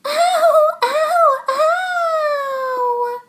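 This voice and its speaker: A woman voicing a dramatic, whiny young schoolgirl in a storybook reading, shrill and melodramatic. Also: drawn-out words, exaggerated voice. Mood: wailing.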